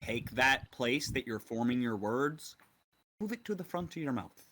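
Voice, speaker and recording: A man's voice: medium pitch, lively intonation, normal speed, sharp tone. A man at a tabletop game, patiently explaining how to do an accent in a casual chat. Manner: instructive, patient.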